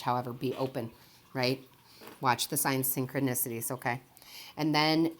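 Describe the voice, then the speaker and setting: A woman with a strikingly deep, low-pitched voice talks her viewers through a tarot reading. She is chatty and enthusiastic, rambles off on tangents and laughs often. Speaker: tarot reader and medium. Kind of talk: casual tarot reading to camera.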